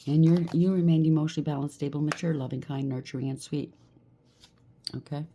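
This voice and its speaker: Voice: mid-range voice, steady tone, a little fast, mellow, a little hiss or hum. A tarot reader giving a collective reading, blunt and emphatic, rattling off lists of traits and often checking in with "okay?".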